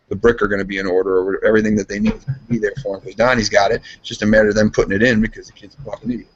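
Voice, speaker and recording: A man's voice: fairly low pitch, little pitch movement, very fast, hardly any pauses, husky. Brief: foul-mouthed working man, rambling anecdotes, casual, muffled lo-fi sound. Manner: profane, rambling storyteller. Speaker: guest, steel mill worker. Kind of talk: casual chat. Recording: dull lo-fi podcast audio.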